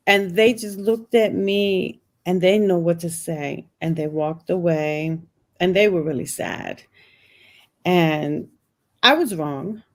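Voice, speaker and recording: A woman's voice: lowish voice, slow. A middle-aged woman, a podcast guest, earnestly telling a personal story and repeating phrases for emphasis.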